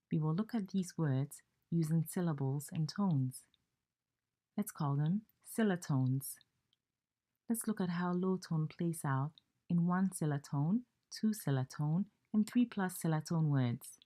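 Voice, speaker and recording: Ghanaian woman teacher, deep and unhurried, spells out each sound clearly. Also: mellow. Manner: slow, deliberate, spells out sounds. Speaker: language teacher. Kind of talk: slow, careful pronunciation lesson.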